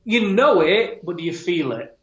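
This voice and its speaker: A man in his thirties speaks in a fairly high voice, telling his story earnestly and thoughtfully. His voice echoes in a room, and the audio sounds a little dull. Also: big pitch swings, normal speed. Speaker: podcast guest, men's coach. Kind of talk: personal story told in an interview. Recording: roomy, slightly dull podcast audio.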